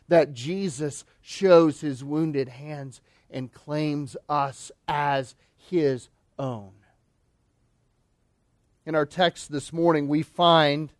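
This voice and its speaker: Male pastor, high-pitched voice, emphatic sermon delivery, dry close sound. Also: no room sound. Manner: emphatic preaching, slowing and dropping low on key phrases.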